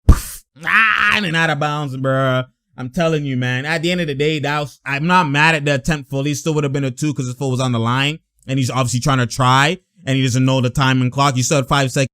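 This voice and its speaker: A young man giving casual, excitable basketball reaction commentary, full of slang, frequent laughter and acted-out player banter. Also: mid-range voice, a little fast, few pauses, clean tone. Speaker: sports reaction host.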